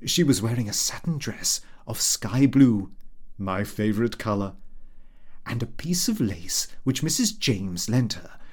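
Lively male audiobook narrator. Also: mid-range voice. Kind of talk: first-person audiobook reading.

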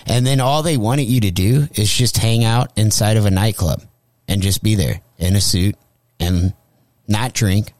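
A man's voice: on the low side, moderate pace, dry recording. A young adult man telling a story in casual chat, swearing freely and acting out the lines of the people in it. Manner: profane, animated storyteller acting out quotes. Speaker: comedian guest. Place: radio studio.

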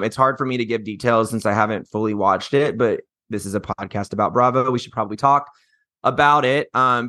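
Man, medium pitch, dry close recording, casual podcast chat, reactive questions. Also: sharp tone, dry recording. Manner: conversational, asks questions and reacts. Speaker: podcast co-host.

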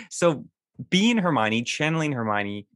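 A man's voice: a little high, very animated, slow, fairly bright tone, dry recording. Playful man hosting, dry sound. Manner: playful, joking questions. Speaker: podcast host. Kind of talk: casual chat.

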